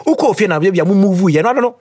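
Lively, chatty young woman podcast host. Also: medium pitch, very fast, husky, no room sound. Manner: animated and chatty, laughs often, goes off on tangents, mixes in Twi slang. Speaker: podcast host reading listener letters. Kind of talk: casual chat.

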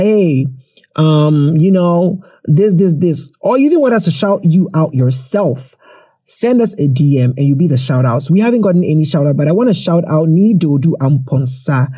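A man's voice: sits high, warm tone, husky. A man hosting a podcast in a chatty, playful way, cheerfully plugging the show. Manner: chatty, playful, self-promoting. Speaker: podcast host. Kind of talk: casual podcast chat.

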